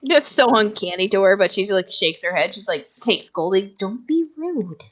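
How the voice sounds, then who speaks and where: A woman's voice: mid-range voice, moderate pace. A woman playing a tabletop game, casually describing what her character does. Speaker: player.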